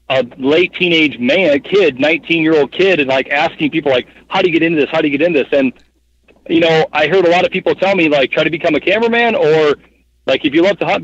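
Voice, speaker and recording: With a fairly high pitch, a chatty man in his thirties appears as a guest in a casual storytelling interview, rambling and filler-heavy as he animatedly retells events. The podcast audio is dry, dull and muffled.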